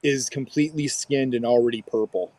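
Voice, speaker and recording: A man's voice: mid-range voice, fairly quick, noisy background. A man in his thirties, co-hosting a podcast and telling a story in casual chat, acting out what people said. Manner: animated storyteller, acts out quotes. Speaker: podcast co-host.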